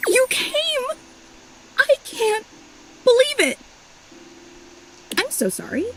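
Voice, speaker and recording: A woman's voice: extremely high pitch, very animated, slow, a bit bright, a little hiss or hum, heavily acted, rough recording. A woman voicing an overly emotional, clingy young female superfan in a video game, gushing and apologizing in a tearful rush.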